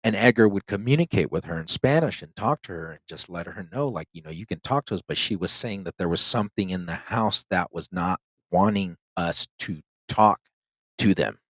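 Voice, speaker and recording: Low-voiced man rambling through a ghost story. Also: animated, brisk, fairly bright tone, no echo. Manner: loose and rambling, heavy use of "like" and "um". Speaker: podcast host telling a ghost story. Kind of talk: casual storytelling.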